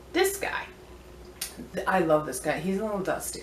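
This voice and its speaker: A woman's voice: fairly low pitch, fast talker, a little hiss or hum. A woman who sells vintage antiques, showing off her finds in a chatty, playful, wandering way. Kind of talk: casual show-and-tell vlog. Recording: echoey room.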